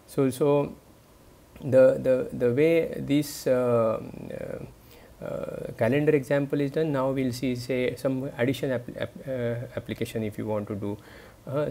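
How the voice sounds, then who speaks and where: A man's voice: medium pitch, creaky, mellow. A man giving a recorded university lecture, talking students through examples hesitantly, with many fillers and restarts. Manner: explanatory, addresses students directly.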